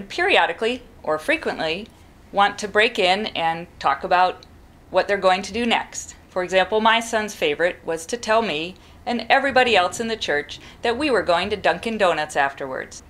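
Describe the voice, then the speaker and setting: A middle-aged woman, a parent, calmly explaining step by step how to teach a child to whisper. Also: mid-range voice. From New England. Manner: calm, practical, demonstrates whispering. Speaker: parent giving advice. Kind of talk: instructional talk to camera.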